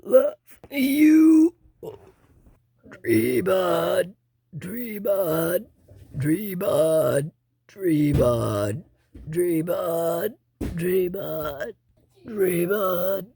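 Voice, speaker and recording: Husky, gravelly woman vlogging with burps. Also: lowish voice, animated, drawn-out words, pauses often, dark tone, no room sound. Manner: rambling, playful, with burps and sing-song bits. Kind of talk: casual burping vlog.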